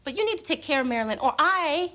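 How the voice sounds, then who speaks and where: A shrill, ranting friend. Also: female voice, animated, quick pace, bright, forceful tone. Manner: indignant, ranting complaints. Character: exasperated sassy woman fed up with a pest. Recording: sitcom soundtrack with audience laughter.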